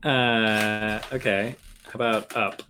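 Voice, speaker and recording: A man's voice: lowish voice, steady tone, slow pace, sharp tone, a little hiss or hum. A man co-hosting a podcast in casual chat, playful and joking, laughing often. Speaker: podcast co-host.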